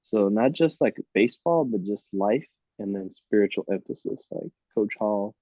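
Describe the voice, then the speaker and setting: A man in his thirties from Miami, a podcast guest telling lively, laughing stories about his college baseball days. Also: lowish voice, normal speed, dry recording, muffled recording. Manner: lively, laughing anecdotes with quoted voices. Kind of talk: casual storytelling on a podcast.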